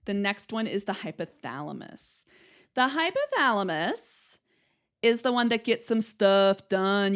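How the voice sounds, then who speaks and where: A woman's voice: fairly low pitch, clear, resonant tone. Chatty woman explaining brain science. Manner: chatty, explains with analogies, checks in with "right?" and "okay?". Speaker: podcast host, speech-language pathologist. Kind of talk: casual educational podcast lecture.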